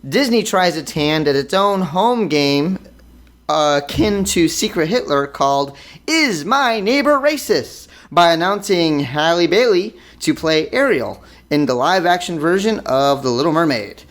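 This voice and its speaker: A man's voice: animated, a little slow. A man co-hosting a casual geeky podcast, joking around and breaking into goofy sound effects. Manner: jokey, bursts into sound effects and high squeals. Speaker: podcast co-host.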